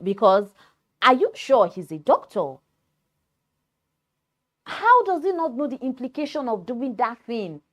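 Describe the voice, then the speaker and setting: A woman's voice: a little high, very animated, a little slow, pauses often. A woman with a Nigerian accent hosting a reality-show recap, talking emphatically and repeating points for effect. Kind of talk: opinionated entertainment commentary.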